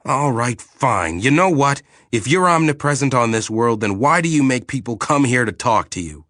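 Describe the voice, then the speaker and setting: A male narrator plays a sardonic starship captain who keeps losing patience, with a bright, forceful edge. He snaps and grumbles rather than shouts. The sound is close and dry. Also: mid-range voice, lively intonation, dry recording, voice pushed up. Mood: exasperated. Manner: sardonic, quick-tempered, exasperated.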